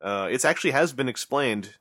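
Male podcast host, bright and eager, rambling casual chat, dry close sound. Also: mid-range voice, animated, fairly quick, no echo. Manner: enthusiastic, rambling with fillers.

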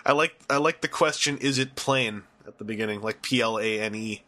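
A man's voice: fairly low pitch, fast talker, sharp tone. A young man hosting a casual podcast chat, rambling and joking as he reads out news items and comments. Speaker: podcast host and producer.

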